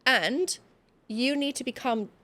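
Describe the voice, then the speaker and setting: A woman hosting her own podcast, telling a personal story in a candid, casual way, swearing freely and acting out quotes with big jumps in pitch. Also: takes it slowly, pushed and bright. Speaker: podcast host.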